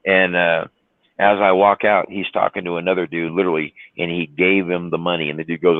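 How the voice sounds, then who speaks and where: Deep voiced trucker guy rambling and swearing, tons of "you know", sounds like a phone call. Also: flat delivery, a little fast, no room sound. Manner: rambling, profane, lots of "you know" and "right?". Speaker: trucker on a livestream chat. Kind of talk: casual storytelling. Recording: dry tinny phone-like line.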